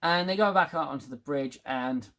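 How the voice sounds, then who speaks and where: A man's voice: a little high, moderate pace, fairly bright tone. A man giving a rambling, casual spoken TV review, swearing and getting worked up as he talks. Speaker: TV review vlogger.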